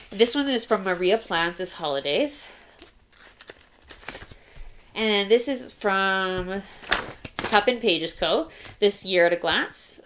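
A woman's voice: lowish voice, fairly bright tone, a little hiss or hum. A young woman casually narrating a planner flip-through, chatty and apologetic, often trailing off and restarting. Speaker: planner vlogger. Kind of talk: casual show-and-tell narration.

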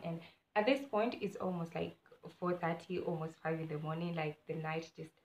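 A young woman telling a story as a vlogger, animated, swinging between loud exclamations and low mutters. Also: dull audio, slight background noise. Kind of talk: casual storytime narration. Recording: echoey room.

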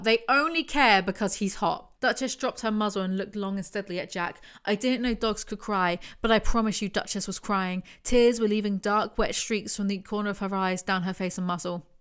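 A woman reads book passages aloud in an even voice pitched in the middle of her range, then drops into sarcastic commentary. Her asides are wry and snarky, like a reviewer roasting the story as she goes. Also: smooth.

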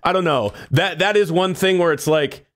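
A man's voice: a little high, normal speed, fairly bright tone. A man on a live stream telling a long story in a casual way, swearing a lot and acting out the people he quotes.

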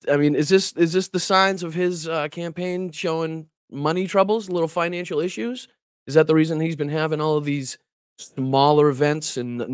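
A man's voice: a little high, clear, resonant tone, no room sound, studio quality. A man hosting a casual political livestream who talks straight to his chat, laughs often and swears when annoyed. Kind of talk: casual live-stream commentary.

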